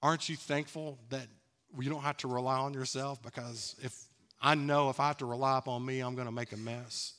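A man's voice: mid-range voice, fairly even intonation, a little fast, fairly bright tone. A man preaching a sermon as pastor in a church, talking candidly and conversationally, laughing at himself. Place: church sanctuary.

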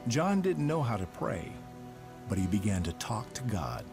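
A man reading the scripted narration of a documentary in a measured storytelling voice. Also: lowish voice, sing-song, over music.

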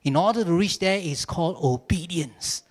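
A male pastor preaches to his congregation in an animated, storytelling way, mixing humor into his points. His voice sits a little high for a man, and he speaks into a stage microphone in a church. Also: moderate pace. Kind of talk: sermon. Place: church service.

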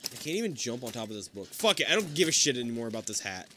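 A man playing a co-op game with a friend, excitable and swearing, swinging between yelling and muttering. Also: medium pitch, racing, slight background noise. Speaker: gamer. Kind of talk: casual co-op game commentary.

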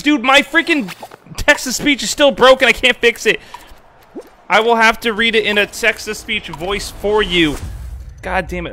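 Excitable bright-voiced male streamer. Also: high-pitched, a little hiss or hum. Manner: excitable, swears often, swings loud and soft. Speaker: game streamer. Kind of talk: live-stream gaming chat.

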